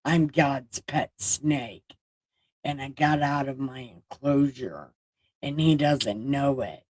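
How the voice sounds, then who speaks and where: A woman voicing a smooth-talking male serpent in a comic retelling, speaking softly and coaxingly. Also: rumbling low, slow, no echo, full character voice.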